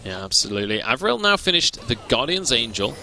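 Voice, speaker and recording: A man calling live esports play-by-play, brisk and lifting with the action. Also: mid-range voice, big pitch swings, gravelly, pushed and bright, a little hiss or hum. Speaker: esports caster.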